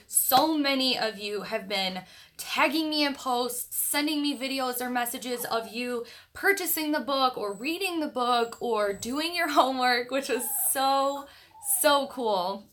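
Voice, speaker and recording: A woman's voice: high-pitched, lively intonation, unhurried, fairly bright tone. A young woman chatting on a casual livestream from her grandmother's house, greeting viewers by name with many fillers. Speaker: livestream host of an online book club.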